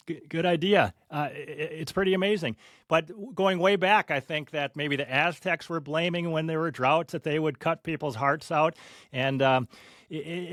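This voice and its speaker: A man speaking as a podcast guest in casual conversation, halting and stammering often. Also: fairly high pitch, a bit bright, no room sound, clean studio sound. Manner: halting, many stammers and fillers.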